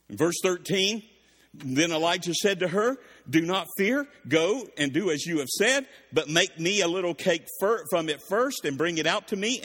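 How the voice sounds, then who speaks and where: A man preaching a sermon. He reads scripture and breaks off to explain it with lively asides, in a voice pitched a little high. A long reverb trails after his words in a large hall. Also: slightly rough. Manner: reads verses then explains them, with animated asides.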